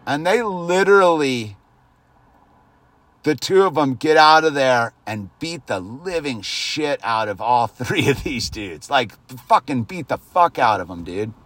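A man's voice: expressive, measured pace, no room sound. A man hosting a podcast, delivering a heated, profane rant that keeps ending on a dropped "dude". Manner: heated and profane, peppers lines with "dude", swings loud then drops low. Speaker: podcast host. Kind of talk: profane ranting monologue.

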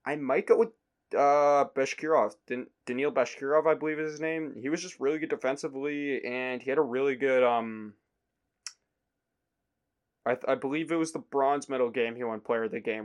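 A man's voice: mid-range voice, fairly even intonation, normal speed. Guy running a sports podcast, loose and jokey, ums and the odd swear. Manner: loose, joking, fillers and swearing. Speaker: podcast host. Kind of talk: casual sports chat.

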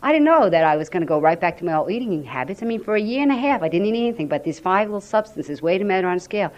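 A woman sharing her personal recovery story at a meeting, telling it in an animated way and acting out what people said. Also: medium pitch, rapid-fire, lo-fi sound.

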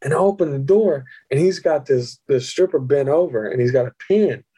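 A man telling a profane, animated story as a guest on a casual podcast, often laughing. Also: fairly high pitch, normal speed, breathy edge.

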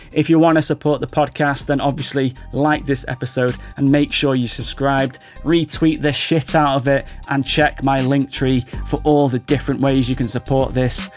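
A man hosting a podcast who is losing his voice, giving wry, animated analytical commentary. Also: medium pitch. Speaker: podcast host.

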